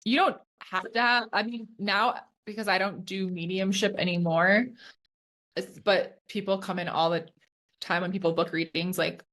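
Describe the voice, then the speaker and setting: A woman co-hosting a podcast who tells her stories in a lively, chatty way. She talks at a middle pitch and fills her sentences with fillers and restarts. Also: moderate pace. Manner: animated storyteller, lots of fillers. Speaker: podcast co-host. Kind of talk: casual chat.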